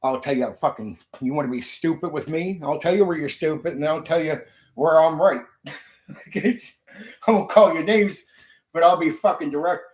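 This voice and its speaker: Male host, confrontational and foul-mouthed monologue, slightly high pitch. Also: normal speed, echoey room. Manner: blunt, profane, combative. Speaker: channel host. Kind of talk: casual monologue rant.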